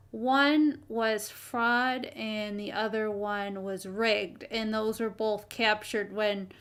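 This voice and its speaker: Slow, hesitant woman live-streaming. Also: mid-range voice, a bit bright, clean tone. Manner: hesitant, many fillers. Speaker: channel host.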